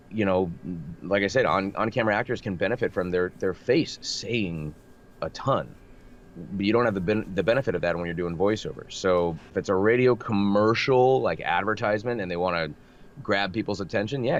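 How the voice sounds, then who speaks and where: A man with a low, slightly nasal voice talks shop in a relaxed interview. He keeps restarting his sentences and getting animated. The remote audio sounds dull with faint hiss behind it. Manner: animated, self-deprecating, lots of restarts. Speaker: voice actor guest. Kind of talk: casual interview chat.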